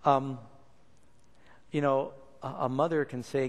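A man preaching a sermon in a lively, expressive way, acting out the lines he quotes. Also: mid-range voice, brisk. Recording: long reverb of a large hall.

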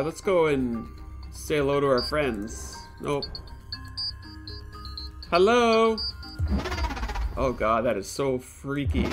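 A man hosting a live-streamed playthrough, talking in an unhurried, drawn-out way while his voice swings widely up and down. He chats with viewers about snacks and drinks and reacts aloud to the game, laughing easily. Faint music plays underneath. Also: a little high. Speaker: let's play host. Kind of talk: live-streamed gameplay commentary.

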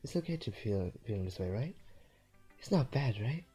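A man's voice: mid-range voice, very animated, normal speed, mellow, husky, faint music behind. A man putting on a voice for an obsessive, shy yandere schoolgirl with a clingy, unsettling sweetness. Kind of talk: let's play voice reading.

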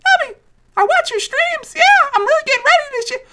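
A man voicing an eager young teen boy gamer in a high childish voice. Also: lively intonation, fairly quick, heavy background noise.

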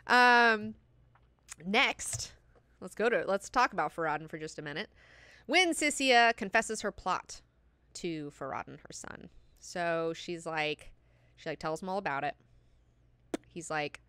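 A young woman hosting a book club, retelling the chapter in casual, profane, excited chat and putting on quick mock voices for the characters. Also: lowish voice, clear, resonant tone, dry recording.

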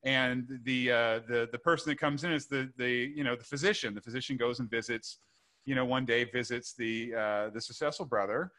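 Guest author, man, bright tense voice, earnest and rambling. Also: mid-range voice, steady tone, brisk. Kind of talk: casual podcast conversation.

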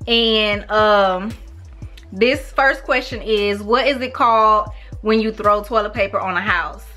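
A woman in her thirties with a St. Louis accent, chatting casually to camera in a relaxed, slangy way. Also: on the high side. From St. Louis, USA. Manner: relaxed, slangy, animated with laughs. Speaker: YouTuber. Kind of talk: casual vlog, talking to camera.

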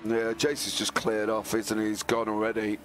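A hoarse man co-commentating a live sim race, rambling into jokey comic tangents with a croaky voice. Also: fairly low pitch, completely flat delivery, moderate pace, slight background noise.

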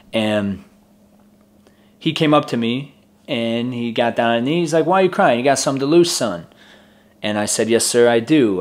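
A man in his twenties telling a personal story in a casual way, laughing often and acting out the voices of the people in it. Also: mid-range voice. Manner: chatty, laughs often, acts out quoted voices. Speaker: vlogger.

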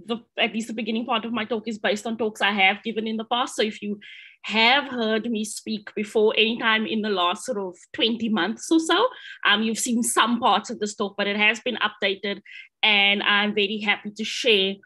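An astronomer with a South African accent presents an online seminar from her home or office in Amsterdam. The South African woman's mid-range voice is bright and forceful with a breathy edge, delivered at a moderate pace in a steady tone; she's cheerful and friendly, often saying um and restarting sentences.

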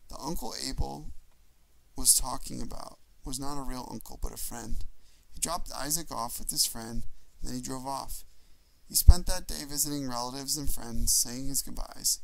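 Gravelly man reading a memoir. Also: mid-range voice, steady tone, moderate pace, poor audio. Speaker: audiobook reader. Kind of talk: memoir audiobook narration.

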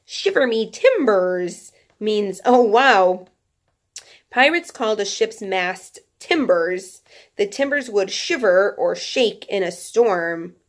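A woman's voice: mid-range voice, expressive, slow. A woman teacher reading a children's nonfiction book aloud to her class, breaking off for chatty, playful asides.

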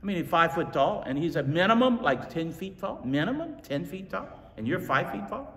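A male pastor preaching a sermon, telling stories with animated energy and repeating lines for emphasis. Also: high-pitched, brisk. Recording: echoey hall from far off.

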